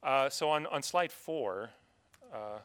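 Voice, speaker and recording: Bright-voiced man giving halting slide talk. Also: mid-range voice, clean tone. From Canada. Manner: hesitant, many fillers and restarts. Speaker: panel speaker. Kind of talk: conference presentation.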